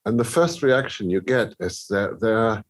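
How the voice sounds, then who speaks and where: This middle-aged film composer, a guest on a podcast, speaks in a lowish, unhurried voice. He's an animated storyteller who keeps restarting his sentences and acts out how other people reacted.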